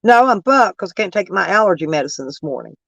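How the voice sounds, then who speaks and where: Ranting casually on her livestream, a brash woman curses freely while reading and arguing with her chat, her voice lowered and rough from allergies. It sits lowish, very animated and fast with vocal fry and a fairly bright tone, on a muffled recording with no echo.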